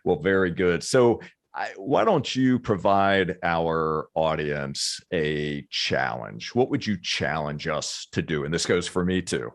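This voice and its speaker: A man's voice: low-pitched, lively intonation, slow pace, dry recording, studio quality. A man hosting an interview podcast, affirming and encouraging his guest and asking questions. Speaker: podcast host. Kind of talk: conversational interview.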